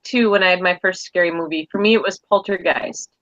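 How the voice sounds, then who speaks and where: A woman's voice: fairly low pitch, fairly quick, a bit bright, no room sound. A woman talking casually as a guest on a podcast, telling playful, joking stories. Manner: playful, jokey storyteller. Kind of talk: casual chat. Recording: slightly dull lo-fi audio.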